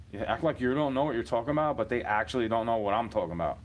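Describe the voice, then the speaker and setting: A man's voice: mid-range voice, quick pace, slight background noise. Rambling profane man from New York. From New York City. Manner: profane, rambling, chuckling between rants. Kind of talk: rambling rant monologue.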